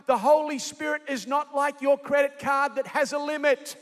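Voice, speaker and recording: A man preaching a sermon live in a large convention centre, energetic and jokey, calling out to the crowd. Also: very high voice, normal speed, hardly any pauses. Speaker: pastor. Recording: echoey convention hall.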